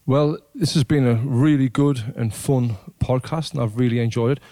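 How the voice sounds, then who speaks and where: An English man hosts a podcast and chats in an easygoing way. His voice sits at a middle pitch. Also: steady tone, normal speed, dark tone. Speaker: podcast host. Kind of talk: casual podcast chat.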